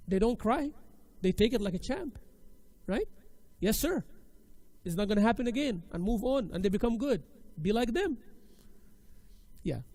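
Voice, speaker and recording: A male Islamic studies teacher lectures a women's class in an emphatic, exhorting way, often repeating his key phrases. His voice is high-pitched with a dark tone.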